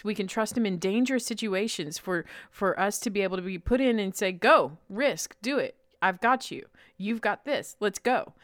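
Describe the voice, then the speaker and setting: A woman's voice: mid-range voice, no room sound, studio quality. A middle-aged woman co-hosting a faith-based chat, telling stories with playful voices and laughter. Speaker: co-host.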